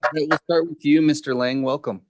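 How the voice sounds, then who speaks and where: A man chairing a legislative committee hearing, calling on speakers in a brisk, procedural way. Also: fairly high pitch, steady tone, dry recording, clean studio sound.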